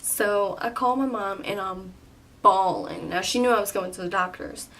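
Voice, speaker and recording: A woman in her twenties telling a storytime vlog, animated and full of "like", with some swearing. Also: mid-range voice, normal speed, distant mic. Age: 20s. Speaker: vlogger.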